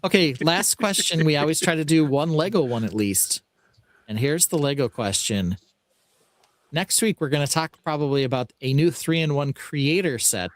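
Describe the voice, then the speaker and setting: A man's voice: a little high, normal speed, no room sound. A man hosting a podcast, bantering casually and teasing his co-host with mock-serious asides.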